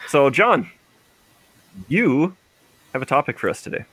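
A man's voice: medium pitch, very animated, unhurried, a bit bright, slightly rough, no echo. A young man co-hosting a casual podcast, rambling and laughing often, restarting his sentences. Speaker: podcast co-host. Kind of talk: casual chat.

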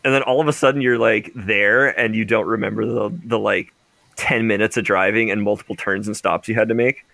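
A man's voice: on the low side, steady tone, a little fast, gravelly, pushed and bright, no room sound. A young man co-hosting a casual podcast, rambling and laughing often, restarting his sentences. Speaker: podcast co-host. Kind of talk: casual chat.

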